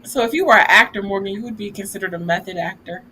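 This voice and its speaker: Woman co-host, casual chat, bright tone, faint background noise. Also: medium pitch, quick pace. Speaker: writer co-host.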